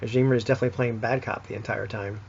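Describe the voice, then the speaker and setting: A man's voice: mid-range voice, fairly even intonation, racing, vocal fry, darkish tone, a little hiss or hum. A man recapping a tabletop game session in a rambling, casual way, full of fillers and restarts. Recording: dull lo-fi recording.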